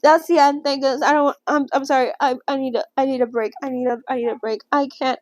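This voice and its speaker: A young woman reading a novel aloud in a casual read-along and reacting emotionally, with halting restarts and gasps. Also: high voice, fairly even intonation, no room sound.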